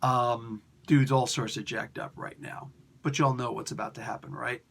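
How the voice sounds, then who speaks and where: A man recapping a comic story in relaxed, casual talk. His voice sits in a middle pitch and leaps high whenever he voices the characters' lines. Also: moderate pace, gravelly. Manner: animated storytelling, acts out character quotes with pitch jumps. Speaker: comic book reviewer.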